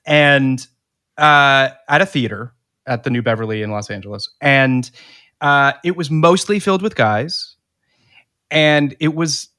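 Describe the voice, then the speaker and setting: A man's voice: mid-range voice, a little slow, bright, forceful tone, clean tone. A man hosting a podcast, talking casually and opinionatedly, often restarting his sentences and repeating words. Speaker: podcast host.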